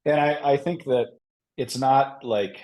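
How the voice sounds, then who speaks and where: A priest from Minnesota speaking frankly and earnestly as a guest on a podcast. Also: male voice, mid-range voice, slow pace, a little mellow. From Minnesota, United States. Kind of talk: casual podcast interview.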